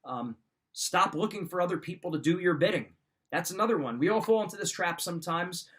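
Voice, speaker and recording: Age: middle-aged. Sex: man. Pitch: somewhat high. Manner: emphatic coach. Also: animated, brisk, fairly bright tone. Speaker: wrestling mindset coach. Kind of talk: motivational talk.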